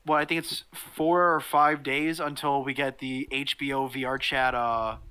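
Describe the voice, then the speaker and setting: A man's voice: medium pitch, little pitch movement, moderate pace, bright, forceful tone, clear, resonant tone. A man hosting a podcast in casual chat, talking hesitantly with many fillers and restarts.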